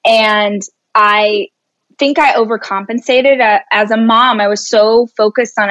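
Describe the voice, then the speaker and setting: A woman in her thirties, a guest speaker talking in an animated, expressive way during a casual interview. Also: medium pitch, no echo. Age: 30s. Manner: animated and expressive, laughs easily.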